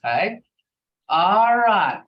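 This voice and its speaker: A woman's voice: mid-range voice, sing-song, very slow, distant mic, lo-fi sound. A woman teaching a language class online, rambling with many fillers and repeating phrases.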